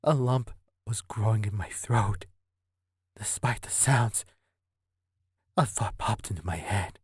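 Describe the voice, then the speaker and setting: A man narrating a horror story in a steady, suspenseful way. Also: lowish voice, takes it slowly, slightly rough, no room sound, clean studio sound. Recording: loud background music.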